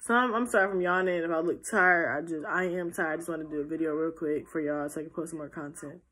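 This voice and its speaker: A woman's voice: low voice, fairly even intonation, fast, a bit bright. Tired teenage girl chatting to her phone. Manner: chatty, rambling, many restarts. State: tired and yawning. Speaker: vlogger. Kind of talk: casual Q&A vlog.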